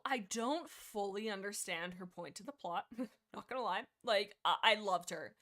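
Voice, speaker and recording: A young woman talks through a book on her livestream in a loose, rambling way. She gets excitable, restarts her sentences often and fills gaps with lots of fillers. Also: mid-range voice, normal speed. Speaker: livestream host. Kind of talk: casual book discussion livestream.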